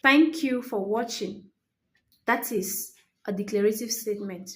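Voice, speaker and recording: Lady teaching english punctuation, talks real slow, says things twice. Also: mid-range voice. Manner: slow, repeats phrases for emphasis. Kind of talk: explaining punctuation lesson.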